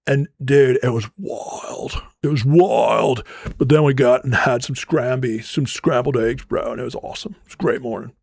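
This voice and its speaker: A man putting on the voice of a laid-back young surfer dude, who talks in a slow, slangy drawl full of "bro" and "dude". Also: medium pitch, fairly even intonation, creaky, darkish tone, breathy edge, no echo, clean studio sound. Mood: stoked.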